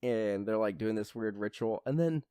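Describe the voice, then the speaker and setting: A man's voice: on the low side, normal speed, dark tone, clean tone, no room sound, clean studio sound. A man co-hosting a podcast, casually retelling a film's plot in a rambling way and acting out the characters' lines. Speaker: podcast co-host. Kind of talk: casual movie recap chat.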